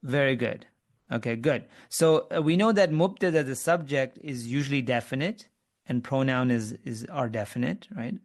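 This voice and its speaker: A man's voice: medium pitch, moderate pace. A man teaching Arabic grammar in an online webinar lesson, explaining step by step, quizzing his students and often restarting his sentences.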